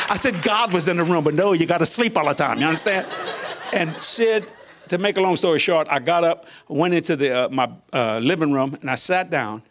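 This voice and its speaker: Animated older man, high lively voice. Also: brisk, slight background noise. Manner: animated, chuckling often, acts out quoted voices. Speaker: minister guest. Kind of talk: testimony storytelling in an interview.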